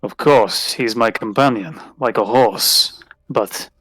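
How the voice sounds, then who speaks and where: A man's voice: fairly low pitch, takes it slowly, fairly bright tone, slightly rough, no room sound, heavily acted. A man playing a proud male warrior who rides a beast, speaking formally and boastfully in a tabletop game.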